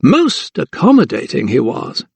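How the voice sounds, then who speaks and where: A man's voice: a little high, huge pitch swings, a little slow, creaky, breathy edge, no echo, voice pushed up, full character voice. A man voicing a smug, sly older magistrate in an audiobook, with a drawling, self-satisfied manner. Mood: smug, mocking. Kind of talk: audiobook character voice.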